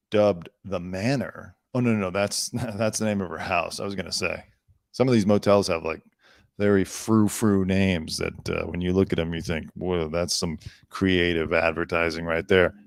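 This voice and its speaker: A man's voice: sits low, moderate pace, vocal fry, darkish tone, dry recording, clean studio sound. A man hosting an entertainment news show, reading headlines aloud and breaking off into sarcastic, rambling riffs. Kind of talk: casual news commentary.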